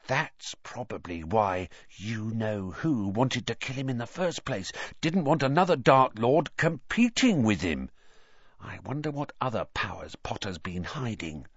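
A man's voice: high voice, very animated, normal speed, fairly bright tone, no room sound, voice pushed up, exaggerated voice. A man voicing a stubborn, fearful schoolboy wizard who talks in solemn, conspiratorial tones. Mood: whispering. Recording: dry, slightly muffled audio.

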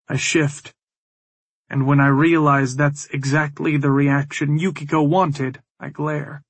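A man narrating a first-person fantasy novel in a measured, weary way. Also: on the high side, breathy edge, no echo. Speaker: audiobook narrator.

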